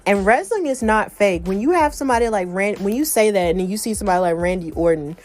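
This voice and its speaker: A woman's voice: medium pitch, animated, fast talker. A woman in her thirties hosting a podcast, chatting casually and reading out online posts with exasperated asides. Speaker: podcast host. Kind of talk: casual chat, reading out social media posts.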